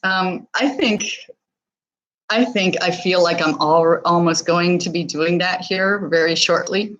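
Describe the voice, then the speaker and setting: A woman's voice: on the low side, measured pace, fairly bright tone, lo-fi sound, slight background noise. A woman hosting a live stream, talking candidly and casually with viewers, with many fillers and restarts. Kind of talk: casual live chat reading viewer comments.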